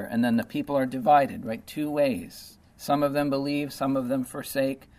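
A man's voice: medium pitch, steady tone, normal speed, darkish tone. A man preaching a sermon in a conversational way, reading scripture and explaining it with lots of "okay" and "you know".

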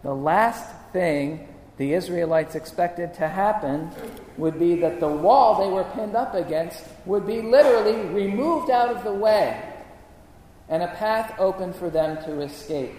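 A man's voice: sits high, a little slow, warm tone. A man preaching a sermon, reading scripture and asking earnest rhetorical questions. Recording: echoey hall reverb, faint room noise.

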